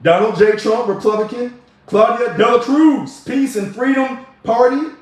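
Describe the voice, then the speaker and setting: A man's voice: extremely high pitch, measured pace. A man giving emphatic, preachy political commentary straight to camera while showing his ballot. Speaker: video blogger. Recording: very echoey room.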